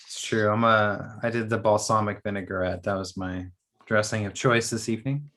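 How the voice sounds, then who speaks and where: A man's voice: fairly low pitch, steady tone, normal speed, fairly bright tone. Laid-back, crude-joking young man. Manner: laid-back, swears freely, dry jokes. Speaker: podcast co-host. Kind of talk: casual chat.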